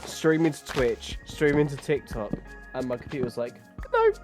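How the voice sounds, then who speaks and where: A man's voice: medium pitch, moderate pace, over loud music. A man chatting on a game stream with friends, playful and teasing, laughing at his own jokes. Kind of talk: casual gaming chat.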